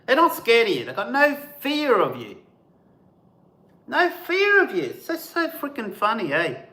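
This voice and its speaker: Lively man telling stories. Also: very high-pitched, normal speed, reverberant. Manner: animated, mimics bird calls and sounds. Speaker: host of a camping channel, live stream. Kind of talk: casual storytelling on a live stream.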